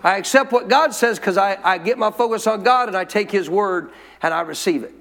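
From a church sanctuary with long, hall-like reverb, a man with a high-pitched, slightly bright voice preaches briskly. The pastor is emphatic and keeps urging the congregation to respond.

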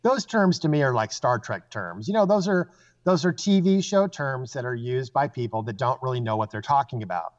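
A man's voice: medium pitch, moderate pace. A man, a psychic guest, telling stories casually and acting out the voices of the people in them. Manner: animated storyteller, acts out quoted voices. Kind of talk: casual storytelling. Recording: dull lo-fi sound.

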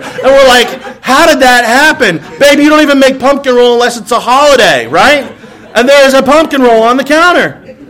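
This church sermon comes from a man whose very high voice sounds pushed and bright. Playing his funny anecdotes for laughs, the pastor acts out snippets of dialogue and checks in with his listeners by frequently asking "right?"

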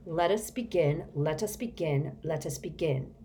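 A calm mind-reading machine that speaks slowly and evenly, as a woman puts it on. It is patient yet insistent, with a lowish tone and a faint hiss behind it. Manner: slow and flat.

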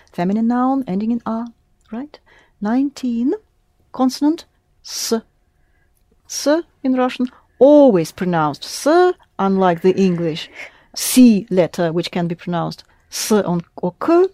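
A woman's voice: mid-range voice, expressive, measured pace, warm tone, no echo. A woman teaching a language class, patiently prompting her students with questions. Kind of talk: classroom lesson.

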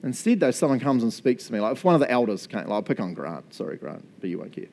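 A man's voice: medium pitch, sing-song, fast talker, creaky, a little mellow. A male pastor preaching a sermon in a casual, chatty way, often laughing as he talks.

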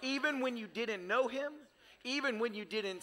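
A man preaches with fervor, his high, bright voice carrying a gravelly edge. He builds his points in rhythmic, repeated phrases. Every word echoes through a large church hall. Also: moderate pace. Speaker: pastor. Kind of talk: sermon. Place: church sanctuary.

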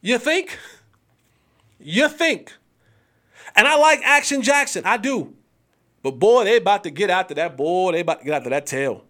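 High-voiced animated sports podcast host. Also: male voice. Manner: animated, trash-talking, slangy; drawn-out hype exclamations. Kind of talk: casual sports talk.

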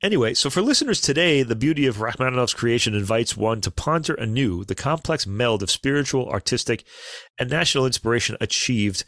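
A man co-hosting a casual podcast, chatting about classical recordings in a relaxed way with fillers and asides. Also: medium pitch, a little fast, dry recording, studio quality. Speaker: podcast co-host.

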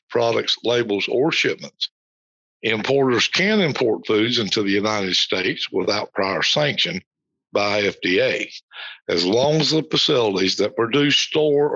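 A man hosting a podcast, reading official text aloud and commenting, repeating passages slowly for emphasis. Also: fairly low pitch, a bit bright, no echo, highs cut off. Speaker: podcast host.

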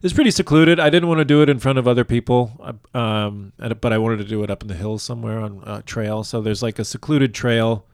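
A man's voice: mid-range voice, brisk, creaky, few pauses, no room sound. Man rambling through a story, dry sound. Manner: rambling, self-deprecating, laughs often. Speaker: guest telling his proposal story. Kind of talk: casual storytelling interview. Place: lives in a large US city.

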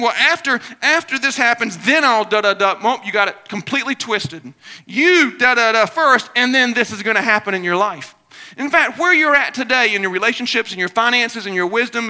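A high-pitched, very bright male voice delivering a sermon in a drawl. He surges into shouted lines, then drops to soft, confiding asides. The delivery is lively and rhythmic throughout. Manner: energetic preaching with sudden shouts and soft asides. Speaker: pastor.

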